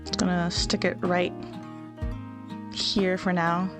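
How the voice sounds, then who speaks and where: In her casual gameplay commentary, a young let's play host with a stuffy nose chats and giggles as she plays, faint game music behind her. She speaks slowly in a voice on the low side with a flat delivery.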